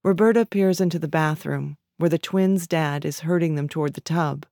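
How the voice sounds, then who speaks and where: A woman narrating literary fiction in a measured, even storytelling manner. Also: sits low, no room sound, studio quality.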